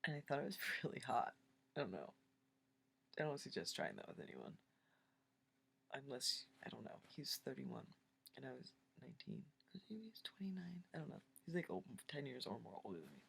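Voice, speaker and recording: A young adult woman telling a rambling personal story in a breathy, half-whispered voice, full of fillers and restarts. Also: very deep voice, very animated, fairly quick, fairly bright tone, a little hiss or hum. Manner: rambling, filler-heavy, self-correcting.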